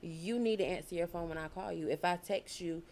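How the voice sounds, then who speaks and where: A woman's voice: fairly low pitch, a little fast, a little mellow. A young adult woman speaking as a podcast guest in casual chat, candid and emphatic, with plenty of profanity.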